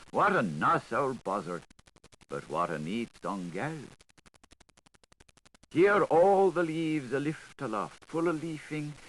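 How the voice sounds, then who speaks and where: A man reading an unabridged literary audiobook in a lilting, sing-song recitation with wide swings in loudness. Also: mid-range voice, poor audio. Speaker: audiobook narrator. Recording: 1980s studio tape, faint hiss.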